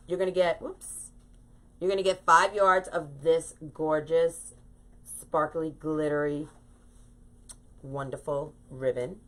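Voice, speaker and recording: In her casual wreath-making livestream, a middle-aged woman chats with viewers and greets them by name in an upbeat, bubbly manner. Her voice sits low and has a fairly bright tone.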